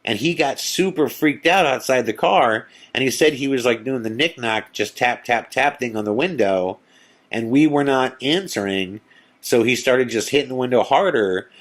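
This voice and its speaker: A male podcast host retelling a spooky personal story in a casual, animated way, acting out his own and his friends' lines, with lots of fillers. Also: mid-range voice, normal speed. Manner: animated retelling with quoted dialogue, many fillers.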